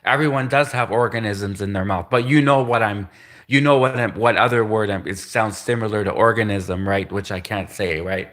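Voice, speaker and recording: A Canadian man hosts a casual solo livestream, rambling through a monologue, repeating himself and giggling between asides. His voice is lowish and a bit bright, at a moderate pace.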